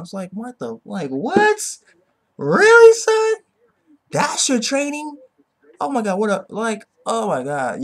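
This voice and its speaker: Man, casual anime reviewer, mid-pitched, excitable and rambling, swears a lot. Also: husky. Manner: excitable, rambling, keeps tagging "okay?"; swears freely.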